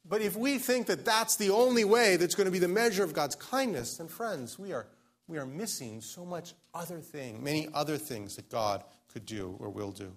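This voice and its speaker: A man preaching a sermon as pastor to his church, earnest and pleading, slowing down to stress key lines. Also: a little high, animated. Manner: earnest, pleading, slows down for emphasis.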